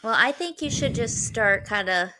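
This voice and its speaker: A woman's voice: on the high side, expressive, moderate pace, pushed and bright. A woman co-hosting a podcast, trading playful, giggly banter in casual chat. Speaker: podcast co-host.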